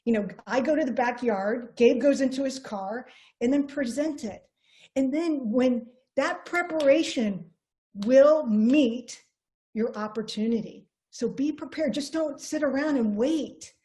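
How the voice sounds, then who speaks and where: Woman, fairly high voice, earnest coaching style, motivational sales trainer. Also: a little slow, mellow. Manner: earnest, coaching, repeats herself. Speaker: network marketing trainer.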